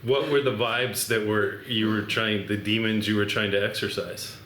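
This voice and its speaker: A man's voice: on the low side, steady tone, moderate pace, a bit bright, a little hiss or hum. A man hosting a podcast, chatting loosely and jokingly with guests and reading prepared text aloud. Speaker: podcast host, sports mental coach. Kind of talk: casual chat. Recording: echoey room.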